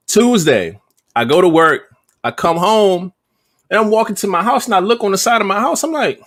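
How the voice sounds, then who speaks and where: A man's voice: sits high, lively intonation, brisk, fairly bright tone. A man co-hosting a podcast, telling a story in casual, profane slang with lots of energy. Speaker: podcast co-host. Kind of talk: casual chat.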